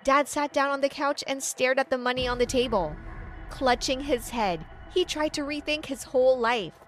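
A young woman reading a first-person story aloud in a steady storytelling manner, dropping her voice low for suspense. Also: moderate pace, faint music behind. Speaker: narrator.

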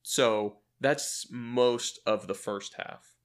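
A man in casual chat, pitching a story idea and acting out quick quoted lines, often laughing.

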